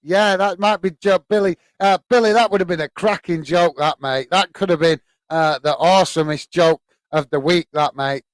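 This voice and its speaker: A man's voice: on the high side, normal speed, dry recording. A man from the UK hosting a live football watch-along, chatting casually with viewers and laughing often. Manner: chatty, laughs often, lots of "uh" fillers, calls viewers "mate". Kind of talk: casual live-stream chat, reading comments aloud.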